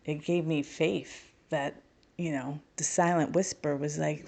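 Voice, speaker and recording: A woman's voice: deep voice, steady tone, unhurried, vocal fry, darkish tone. A middle-aged woman telling a personal story as a podcast guest, candid and wry, with self-mocking humor. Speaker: podcast guest, spiritual healer.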